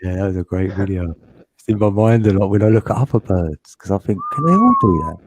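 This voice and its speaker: A man's voice: sits low, steady tone, quick pace, very noisy. A laid-back man chatting casually in a voice chat, laughing along. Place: online voice chat.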